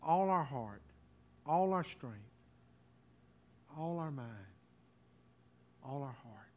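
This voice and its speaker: Delivering a communion sermon, this pastor speaks slowly in an animated voice on the high side. His style is folksy; he draws the congregation into call-and-response and shifts from booming to quiet.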